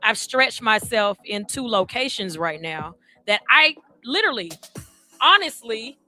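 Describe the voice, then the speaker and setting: Woman in her 40s, talk-radio host, candid and chatty, a bit high and very bright, faint music underneath. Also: big pitch swings, a little slow. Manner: candid, chatty, addresses listeners directly. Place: radio studio.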